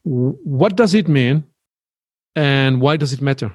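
Husky male interviewer. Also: mid-range voice, expressive, measured pace, a little mellow, dry recording, studio quality. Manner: brief, appreciative prompts. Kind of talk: interview questions.

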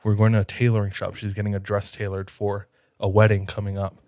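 A man co-hosting a casual podcast, telling stories in a relaxed, easygoing way. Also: lowish voice, fast, dry recording. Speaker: podcast co-host. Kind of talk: casual chat.

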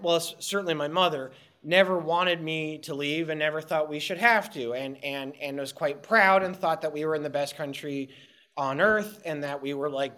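Guy from montreal ranting in an interview, kinda high voice, swears a lot, keeps restarting his sentences. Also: a bit bright. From Montreal, Canada. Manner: passionate, rambling, swears freely. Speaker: guest. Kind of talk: candid interview talk.

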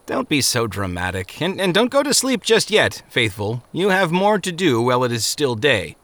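A man voicing a grave, kindly male gatekeeper in an audiobook drama, speaking solemnly and chiding gently. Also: medium pitch, very animated, normal speed, no room sound, voice pushed up.

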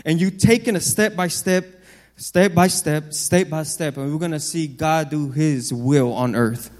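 A man preaching a sermon, emphatic and repetitive, swinging from loud lines to low, quiet ones. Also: unhurried. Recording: long hall reverb.

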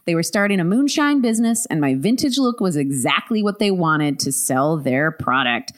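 A woman podcast co-host reading a listener's story aloud, animated and laughing often. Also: fairly low pitch, normal speed.

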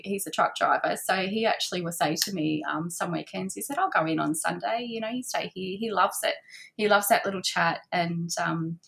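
Gravelly woman, chatty. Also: mid-range voice. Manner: chatty, warm-hearted, many fillers and soft laughs. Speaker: guest, handmade boutique owner. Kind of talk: casual interview chat. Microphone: remote call.

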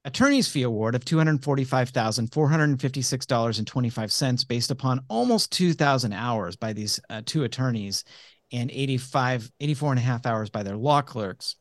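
A man explains the procedural history of a court case in a relaxed, teacherly way. His voice sits at a middle pitch. It sounds close and dry, with no room sound. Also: brisk, no room sound. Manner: teasing, explanatory. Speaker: comedy legal podcast host. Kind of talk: casual chat and legal explanation.

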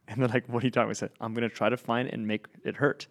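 A man's voice: medium pitch, fast talker. Man explaining his pain assessment. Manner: animated, acts out client dialogue. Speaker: movement practitioner. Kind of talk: conversational explanation.

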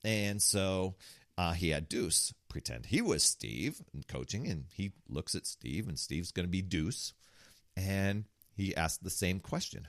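A man's voice: fairly low pitch, measured pace, no room sound, studio quality. A man hosting a podcast, telling a story in a casual, motivational way with frequent restarts. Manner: storytelling, animated, restarts often. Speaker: podcast host.

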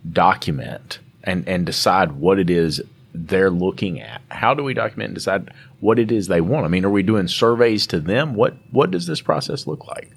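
A man with a Southern American accent co-hosting a live podcast, asking questions with halting restarts. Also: sits low, creaky, breathy edge. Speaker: podcast co-host.

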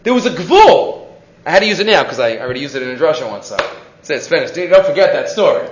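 A man gives a Torah class in an animated, storytelling way. His voice sits high and swings widely as he acts out the people in his stories. The room echoes, and the recording sounds dull and lo-fi. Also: fast, a little hiss or hum. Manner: animated, acts out quoted characters. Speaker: Torah teacher.

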